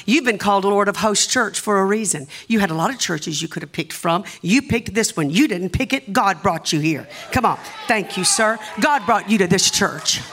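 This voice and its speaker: A woman with a Southern US accent, a guest preacher delivering an impassioned sermon in a church, urging the congregation and building to shouts. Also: mid-range voice, expressive, fairly quick, hardly any pauses. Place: church sanctuary.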